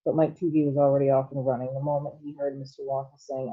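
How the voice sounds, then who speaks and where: A woman teacher reading a storybook aloud to students in a steady storytelling manner. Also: very deep voice, fast talker, hardly any pauses, breathy edge. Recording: tinny phone-like line.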